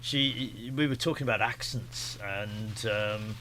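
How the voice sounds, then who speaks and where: Chatty Staffordshire radio host, bright voice. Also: male voice, lowish voice, takes it slowly, slight background noise. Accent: Staffordshire English. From England, Stafford. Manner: rambling and self-deprecating, many fillers and restarts. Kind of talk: casual radio chat. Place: radio studio.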